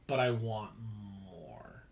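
A man's voice: on the low side, big pitch swings, slow, creaky. A married man co-hosting a podcast, rambling enthusiastically and swearing about a show he loves. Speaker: podcast co-host. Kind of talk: casual podcast chat.

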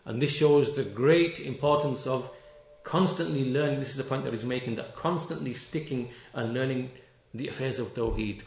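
Emphatic male preacher in an echoey room. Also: mid-range voice. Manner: emphatic and repetitive, stressing key words; recites Quranic verses in Arabic quickly. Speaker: Islamic preacher. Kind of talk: sermon.

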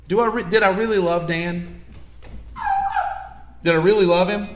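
A man's voice: sits high, brisk, long pauses, fairly bright tone, echoey room. A man preaching a sermon, telling stories animatedly and acting out the scenes. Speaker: pastor. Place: church sanctuary.

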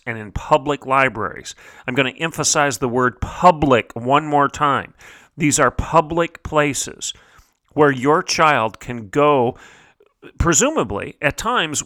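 Male talk-show host, bright forceful voice, emphatic rhetorical monologue, dry close studio mic. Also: medium pitch, dry recording. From United States. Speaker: podcast host.

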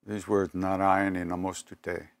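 An older man giving a spiritual talk, telling personal stories in an unhurried, reflective way with pauses and self-corrections. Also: low-pitched, level tone. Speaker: spiritual teacher.

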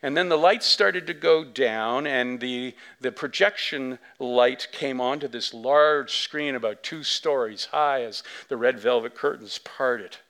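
A male pastor preaching a sermon in an animated storytelling manner. His pitch sits in the middle but swings widely as he acts out the scenes. He talks casually, with plenty of asides and fillers. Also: a little slow, few pauses. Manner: animated storytelling, big swings from soft to loud; conversational, many fillers and asides.

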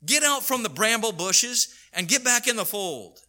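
A pastor preaches a sermon with an earnest, rising-and-falling delivery, occasionally acting out the voices of the people he quotes. His high-pitched voice sounds pushed and bright, expressive, at a normal speed.

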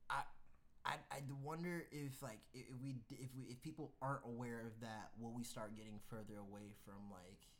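A young man co-hosting a casual chat, talking loudly and rambling with lots of fillers. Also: medium pitch, fairly even intonation, a little fast. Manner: loud, rambling, filler-heavy. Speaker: podcast co-host.

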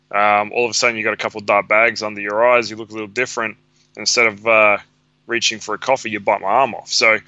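Male co-host, lowish, very bright smooth tone, dry lo-fi sound. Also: no echo. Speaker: podcast co-host. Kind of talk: casual chat. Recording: dull lo-fi recording.

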